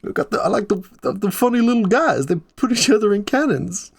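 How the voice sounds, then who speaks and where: Male host doing a squeaky, stop-start impression of a famous older actor. It is halting and full of repeated words, in a dry, close sound. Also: sing-song, vocal fry, slightly rough, no echo, full character voice. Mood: playful.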